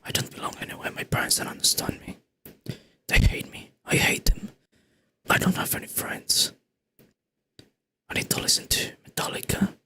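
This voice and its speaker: A man voicing a gloomy, self-pitying emo teenager in a flat, monotone whispered role-play. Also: moderate pace, pauses often, lightly acted.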